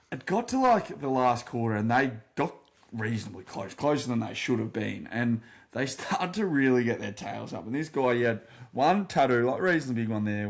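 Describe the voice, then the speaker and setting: An Australian man co-hosting a podcast, telling a story in a casual, animated way and laughing through it. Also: medium pitch. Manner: animated yarn-spinner, quotes others loudly, laughs through stories. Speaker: podcast co-host.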